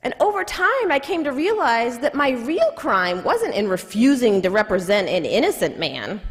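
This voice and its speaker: A woman's voice: a little high, big pitch swings, moderate pace, hardly any pauses. A woman who is a civil rights lawyer, telling a personal story in a public lecture in a college hall, emphatic and repeating key lines for effect. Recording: echoey hall with long reverb.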